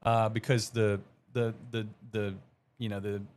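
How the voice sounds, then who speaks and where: A man's voice: lowish voice, level tone, a little slow, darkish tone, slight background noise. A middle-aged male meteorologist explaining seasonal weather patterns in a conversational, filler-heavy way during a live broadcast.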